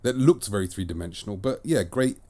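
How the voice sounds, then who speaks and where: A man's voice: fairly low pitch, animated, brisk, dark tone. A man hosting a casual podcast, giving chatty opinions and repeating phrases for emphasis. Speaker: podcast host and disc reviewer. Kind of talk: casual chat.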